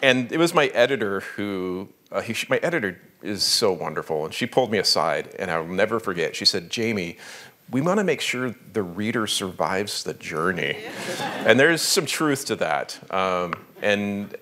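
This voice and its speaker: A man's voice: lowish voice, lively intonation, normal speed, fairly bright tone. A man, an author, giving a conversational talk at a library, telling stories animatedly with fillers.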